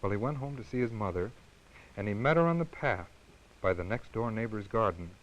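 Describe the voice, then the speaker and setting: A man hosting a children's television show, reading a picture book aloud in a gentle, animated storytelling manner and chatting with his listeners. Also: fairly low pitch, brisk, dull audio.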